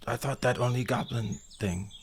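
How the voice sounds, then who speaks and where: A man voicing a runty male goblin who croaks through tears in broken speech. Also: medium pitch, normal speed, a little hiss or hum, natural voice. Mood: grieving.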